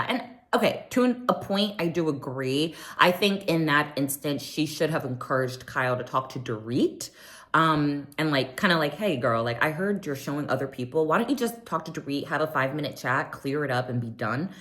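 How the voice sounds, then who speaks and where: A woman's voice: low-pitched, moderate pace. A young woman giving a chatty, opinionated recap of a reality TV episode, acting out the people she quotes. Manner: chatty, opinionated, animated retelling with quoted voices. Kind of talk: casual recap commentary.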